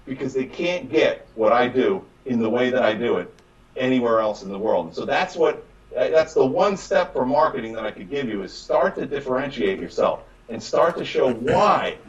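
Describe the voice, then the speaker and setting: A man coaching on chiropractic business in an emphatic, conversational way, acting out patients and doctors in quick little voices. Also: medium pitch, lively intonation, far from the mic, dull audio. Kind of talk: animated conversational advice.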